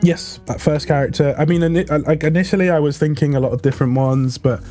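A man's voice: a little high, fairly even intonation, fast, dark tone, soft background music. A young man chatting as a guest in an interview, rambling with lots of fillers and restarts. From United Kingdom. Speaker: guest player. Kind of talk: casual interview chat.

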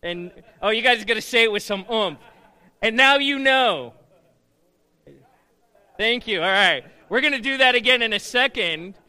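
A middle-aged male pastor preaching with a high, bright, ringing voice. He keeps his sermon conversational, asking the congregation questions and getting them to call answers back to him. His delivery is lively and engaging. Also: brisk, few pauses, smooth.

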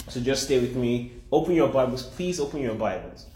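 A man preaching an animated sermon at a middle pitch, repeating his phrases to drive the point home. The recording is roomy and echoey. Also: fairly quick.

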